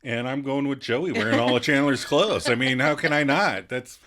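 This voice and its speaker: A man's voice: medium pitch, moderate pace, fairly bright tone. A man co-hosting a podcast in casual chat, laid-back and agreeable. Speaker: podcast co-host.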